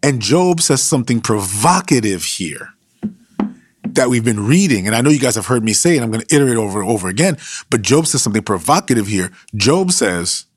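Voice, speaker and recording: A man's voice: medium pitch, lively intonation, brisk, husky, no room sound, clean studio sound. A man preaching a sermon in a conversational, emphatic way with slangy asides.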